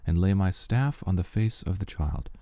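A man giving a steady, measured reading of Bible passages aloud, with the odd slip he corrects. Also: deep voice, no room sound. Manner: steady, measured reading with small slips and restarts. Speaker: scripture reader.

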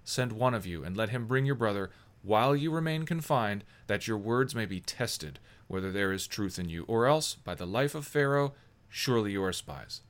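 A man's voice: fairly low pitch, animated, normal speed, close to an everyday voice. A man voicing Joseph, a stern adult governor, speaking solemnly and accusingly in a scripture reading.

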